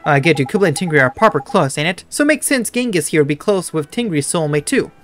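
Brief: gamer putting on cheeky fairy, slangy, teasing, low and lively. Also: quick pace, faint music behind, natural voice. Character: cheeky fairy sidekick with a lantern nose.

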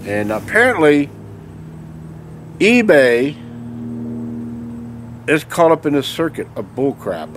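An angry man rants to his viewers in a heated, emphatic monologue, often tagging his points with a questioning "okay?". His voice sits fairly high for a man, and a faint hiss of noise runs underneath. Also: very animated, slow pace, long pauses. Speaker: vlogger. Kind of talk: angry ranting monologue to camera.

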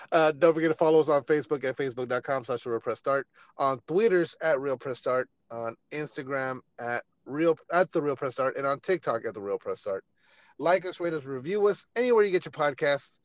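A man hosting a casual podcast chat, laid-back and quick to laugh and swear. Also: mid-range voice, dry recording, highs cut off. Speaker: podcast host.

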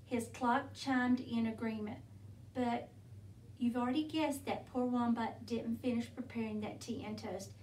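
Woman storyteller, picture-book read-aloud, slow and gentle, mic set back in a roomy space. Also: a little high, fairly even intonation. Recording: roomy, from a distance.

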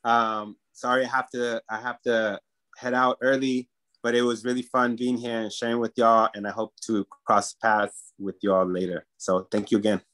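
A man's voice: medium pitch, flat delivery, normal speed, a bit bright. A man, a musician guest, talking casually and hesitantly with lots of fillers. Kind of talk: casual interview talk.

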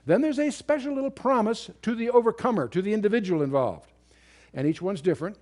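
A man's voice: high voice, fast, darkish tone. A man teaching a lecture-style Bible study, explaining point by point and stressing key words. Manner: explanatory, emphatic on key words, some restarts.

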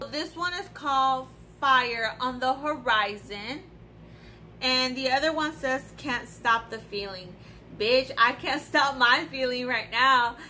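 A woman's voice: high-pitched, a little hiss or hum. A young woman casually unboxing beauty products on her vlog, ranting bluntly and swearing freely. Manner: profane, blunt, animated ranting. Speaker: beauty vlogger.

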